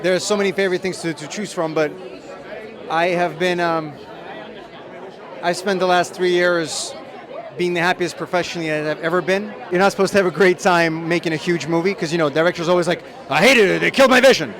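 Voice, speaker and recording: A film director chatting in a press interview outdoors at a premiere, telling self-deprecating stories from the set. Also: male voice, high-pitched, steady tone, brisk. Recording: crowd noise behind. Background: crowd chatter.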